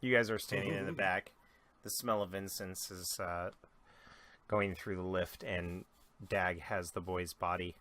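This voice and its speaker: A young man as dungeon master, narrating a tabletop game in a relaxed, loose way with plenty of fillers. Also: low-pitched, measured pace.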